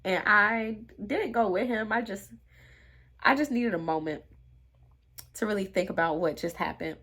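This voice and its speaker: Young woman, storytime vlogger, dramatic and chatty, whispers for emphasis, mid-pitched. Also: moderate pace, pauses often, slightly rough. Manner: animated, dramatic, drops to hushed whispers for emphasis; talks straight to viewers, slangy and exasperated. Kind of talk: casual storytelling to viewers.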